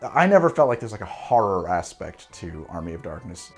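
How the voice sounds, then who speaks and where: A man in his forties hosting a cocktail show, talking casually to camera in an animated, digressive and jokey way. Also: low voice, a little fast, husky, faint music behind.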